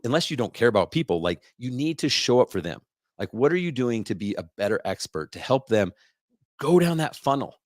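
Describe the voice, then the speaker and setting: A man hosting a podcast, delivering an energetic, repetitive sales rant in a coaching tone. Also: lowish voice, no echo, studio quality. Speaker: podcast host.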